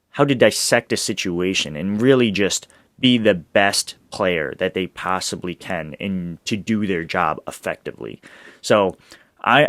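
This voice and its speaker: A man hosting a solo sports podcast, talking in an excitable, rambling way with restarts and laughs. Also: sits low, no room sound, studio quality. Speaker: podcast host.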